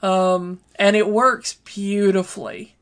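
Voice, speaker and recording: A woman's voice: medium pitch, fairly even intonation, takes it slowly, a bit bright. A woman co-hosting a casual chat, speaking hesitantly with many fillers. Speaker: podcast co-host. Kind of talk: casual film discussion.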